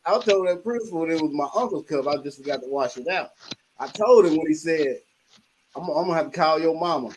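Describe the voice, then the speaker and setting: An older man hosting a livestream, telling animated childhood stories with laughter and acting out his mother's scolding. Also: fairly high pitch, brisk, a little hiss or hum, low-quality recording. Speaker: livestream host. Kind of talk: casual storytelling chat.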